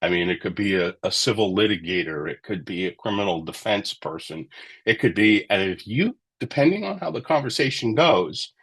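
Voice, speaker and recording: A man's voice: on the low side, expressive, normal speed, a bit bright, slightly rough. A man sharing his thoughts in a casual book club discussion, reflective and rambling.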